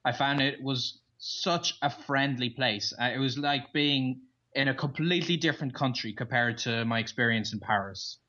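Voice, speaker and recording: Irish male interview guest, bright tense tone, enthusiastic storyteller, dull lo-fi recording. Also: mid-range voice, normal speed. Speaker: podcast guest. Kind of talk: casual interview chat. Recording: dull lo-fi sound.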